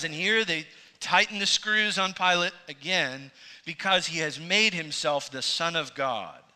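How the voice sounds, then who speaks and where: Bright-voiced man preaching a sermon. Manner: expository preaching, voice rising to emphatic peaks and dropping low. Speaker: pastor.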